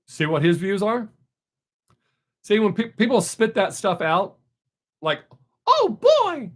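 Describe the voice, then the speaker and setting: A man's voice: sits high, measured pace. A man hosting a casual live stream, answering viewer comments in a blunt, opinionated way.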